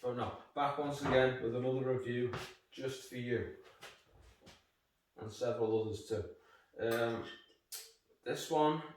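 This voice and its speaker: A man's voice: medium pitch, darkish tone, far from the mic. Scouse man, rambling jokey beer review, very roomy echo, sitting back from the mic. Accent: Liverpool (Scouse). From Liverpool, England. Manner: rambling, jokey, sweary banter. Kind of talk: casual review chat. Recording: echoey room, voice off-mic.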